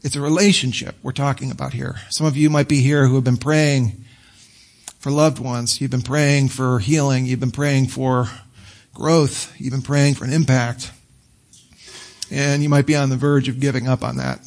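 A male pastor preaching a sermon in a conversational, animated way. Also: medium pitch, normal speed. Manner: conversational and animated, acting out quotes with laughs.

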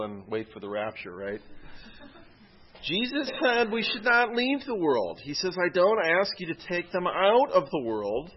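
A man delivers a sermon in a relaxed, conversational way, often asking his listeners rhetorical questions. His voice sits in a middle pitch and lifts with emphasis when he quotes scripture. The recording sounds a little dull and lo-fi. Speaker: preacher. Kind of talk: sermon teaching.

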